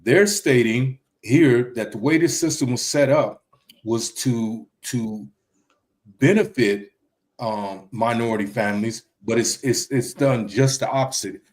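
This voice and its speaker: A man hosts a casual talk in a voice of ordinary pitch. He feels his way through his points with frequent ums and restarted phrases. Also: unhurried. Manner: hesitant, many ums and restarts. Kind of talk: casual discussion.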